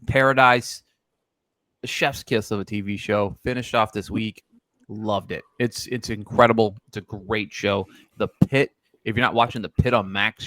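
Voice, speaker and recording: A man's voice: on the low side, fairly bright tone, no room sound, clean studio sound. Man hosting a chatty podcast. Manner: rambling, repeats words. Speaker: podcast host. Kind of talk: casual chat.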